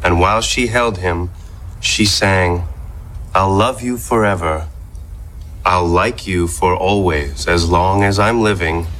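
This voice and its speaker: An actor playing a man who gives a drawn-out, theatrical sing-song reading of a children's story. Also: low voice, fairly bright tone, a little hiss or hum. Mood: tender, theatrical. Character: grown man giving a slow, tearful storybook reading. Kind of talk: sitcom clip played on radio.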